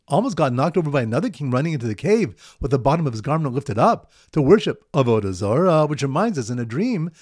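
A man giving a Talmud lesson, telling playful memory-aid stories in a lively storytelling way, with Hebrew and Aramaic terms. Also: mid-range voice, no echo, studio quality. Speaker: Talmud teacher.

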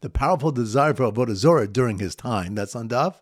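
A man teaching a daily Talmud lesson, telling repeated memory stories and running a quiz, in a lively storytelling manner. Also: mid-range voice, quick pace, slightly rough, no room sound, clean studio sound.

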